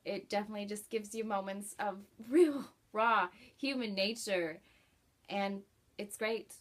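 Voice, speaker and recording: A woman chatting casually in a book review vlog, warm and enthusiastic, with many likes and ums. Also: medium pitch, unhurried.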